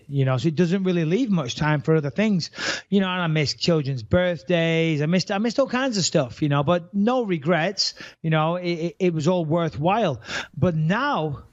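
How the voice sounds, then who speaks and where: A man's voice: on the high side, no room sound, highs cut off. A man, a retired fighter co-hosting a casual podcast and rambling with lots of restarts. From England. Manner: rambling, frequent restarts and fillers.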